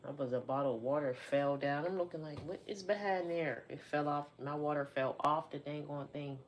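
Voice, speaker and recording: Woman, low voice, slow easy pace, casual livestream chat, faint room hum. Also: steady tone. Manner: laid-back, chatty, laughs often, talks to viewers. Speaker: livestream host. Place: indoors at home by a window.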